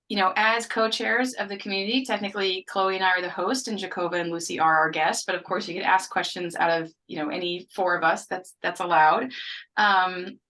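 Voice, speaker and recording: A woman's voice: medium pitch, bright, forceful tone, low-quality recording. A woman co-hosting a webinar panel over a video call, chatty and casual as she introduces herself and hands over to the guests. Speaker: webinar co-host, economist.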